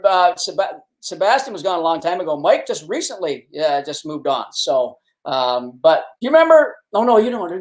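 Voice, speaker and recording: A middle-aged man with a Canadian accent spins a long, rambling anecdote in easygoing conversation. His voice sits a little higher than most men's, and he restarts and circles back as he goes. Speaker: guest, fishing show host. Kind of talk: casual storytelling.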